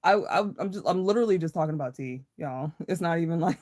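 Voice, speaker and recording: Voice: mid-range voice, quick pace, heavy background noise. A livestream host in a casual, rambling chat, swearing freely and greeting viewers in chat by name with a playful laugh.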